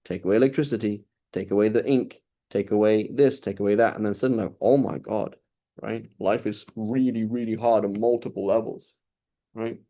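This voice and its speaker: A man's voice: fairly low pitch, steady tone, fairly quick, dark tone. A middle-aged man giving an informal lecture as an Islamic studies teacher, talking casually with many fillers and restarts.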